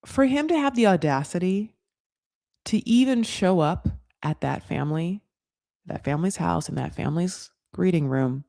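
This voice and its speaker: An American woman hosting a reality TV recap in casual talk, blunt and profane, with sarcastic rants, many fillers and quick asides. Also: fairly low pitch, lively intonation, gravelly, mellow. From United States.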